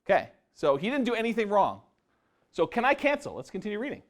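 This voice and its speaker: A man's voice: high-pitched, wildly swooping pitch, quick pace. A man presenting a live seminar on real estate investing to an audience, often quizzing them with questions. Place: meeting room before a live audience.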